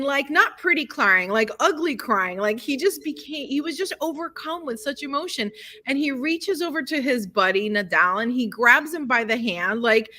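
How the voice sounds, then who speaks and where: A middle-aged mother co-hosting a talk show, chatting warmly and effusively and laughing often. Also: on the high side. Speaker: podcast co-host. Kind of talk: casual chat.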